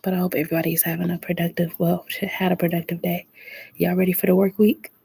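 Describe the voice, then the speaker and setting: On a late-night live stream, a woman tarot reader chats casually, speaking low and soft and greeting viewers by name in a relaxed way. She talks fast in a level tone, with a husky voice and vocal fry.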